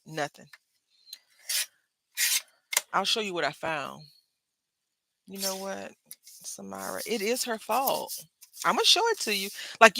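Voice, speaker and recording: A woman's voice: lowish voice, creaky, bright, forceful tone, a little hiss or hum. A woman hosting her crafting channel, chatting casually to viewers while she works at her craft desk. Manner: chatty, talks straight to viewers and chat, laughs often.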